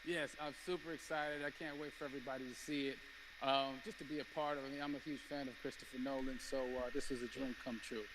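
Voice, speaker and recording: A man being interviewed as a guest at a live event, excited and stumbling over his words. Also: medium pitch, fast. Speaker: guest actor at an in-game event. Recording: noisy game-stream audio.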